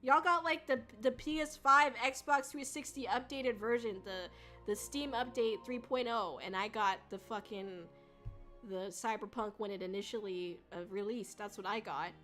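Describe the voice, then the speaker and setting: A woman's voice: on the high side, moderate pace, sharp tone, faint music behind. A woman streaming as a VTuber, chatting casually in a rambling way, swearing and laughing often. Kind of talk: casual livestream chat.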